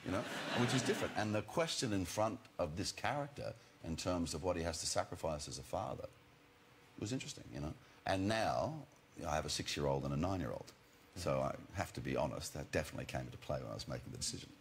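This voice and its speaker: A man's voice: deep voice, lively intonation, fast, a little hiss or hum. A man in his forties, an actor guest on a chat show, telling wry, jokey stories in a loose, casual way.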